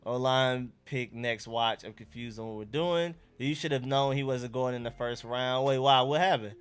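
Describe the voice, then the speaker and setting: A man's voice: mid-range voice, moderate pace, clear, resonant tone, faint music behind. A young man with an Atlanta accent, hosting a casual live stream and reacting to chat and talking to his dog. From Georgia.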